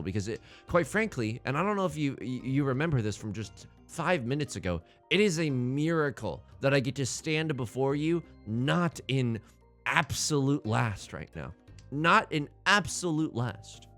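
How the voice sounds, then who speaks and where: Excitable young man commentating a game. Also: medium pitch. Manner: excitable, jokey, swings from shouting to muttering. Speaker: let's play host.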